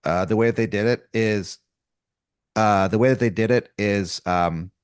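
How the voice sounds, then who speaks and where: A man's voice: lowish voice, normal speed, clear, resonant tone, dry recording, clean studio sound. Rambling man narrating an improvised game. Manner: rambling, loose, with many fillers and restarts; crude, casual slang. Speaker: game master. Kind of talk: improvised comedic storytelling.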